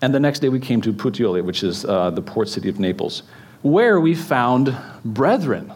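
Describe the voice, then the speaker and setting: A man's voice: on the low side, quick pace, darkish tone, slightly rough. A man preaching a casual sermon, chatty and joking with the congregation, with many fillers and restarts. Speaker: pastor. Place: church in front of a congregation.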